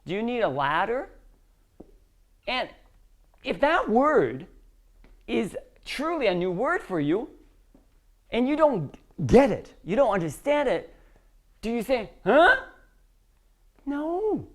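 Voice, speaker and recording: A woman's voice: on the high side, slow pace, long pauses. A woman teaching English to a class, acting out little dialogues with lots of emphasis. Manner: animated, emphatic, acts out dialogues. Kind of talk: classroom lesson.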